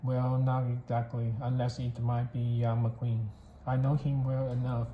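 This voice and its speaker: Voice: mid-range voice, flat delivery, measured pace, narrow, tinny audio, natural voice. A reader voicing a chatty, offhand middle-aged American businessman in a storybook reading, in an echoey room. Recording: echoey room, faint background hiss.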